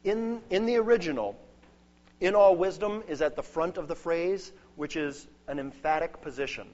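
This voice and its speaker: Earnest preacher man, slightly high voice. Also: normal speed, a little mellow. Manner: earnest and emphatic, building through lists. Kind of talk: sermon. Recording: dull lo-fi sound.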